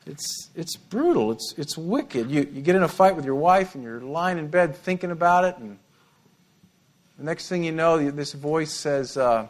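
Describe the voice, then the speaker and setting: A middle-aged male pastor preaching an animated sermon, with humorous asides and repeated words. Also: a little high, normal speed.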